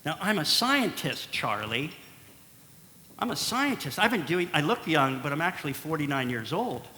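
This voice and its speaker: A calm, earnest surgeon in his late forties, as a man acts him out, steady and reassuring, his voice bright and fairly high. The sound rings around a big echoey hall, with a faint hiss underneath. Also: normal speed.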